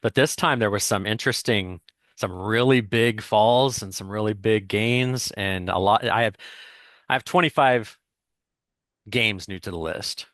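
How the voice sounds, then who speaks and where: A man's voice: on the low side, measured pace, fairly bright tone, dry recording, studio quality. Easygoing middle-aged male co-host. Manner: loose and easygoing, with many restarts and hedges. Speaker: podcast co-host. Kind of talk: casual chat. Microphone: headset.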